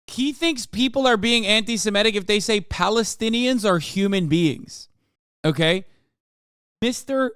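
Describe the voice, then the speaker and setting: A man's voice: high voice, fairly bright tone, clear, resonant tone, dry recording, clean studio sound. A man in his thirties streaming a casual reaction, incredulous and sarcastic, swearing often.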